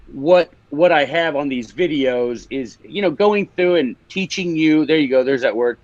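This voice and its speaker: A man's voice: fairly high pitch, normal speed, no echo, lo-fi sound. A man with a Memphis accent, a guest author explaining ideas in a casual interview, teaching and restarting as he talks.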